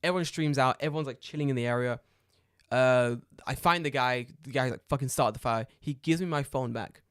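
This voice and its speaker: A man, a podcast co-host telling a story in casual chat, animated and profane, acting out the dialogue loudly. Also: medium pitch, brisk, clear, resonant tone, no echo, clean studio sound.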